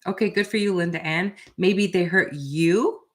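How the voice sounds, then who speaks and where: A woman's voice: fairly low pitch, moderate pace. A middle-aged woman hosting a live reading, talking straight to her viewers in a direct, chatty way and often asking "right?". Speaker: tarot reader and channel host.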